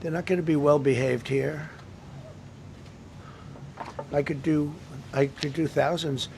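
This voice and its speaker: A man with a somewhat raised, gravelly voice talks off the cuff at a press briefing. He rambles, circles back and repeats points for emphasis, with a faint hiss of noise behind him. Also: on the high side, fairly even intonation, unhurried, darkish tone.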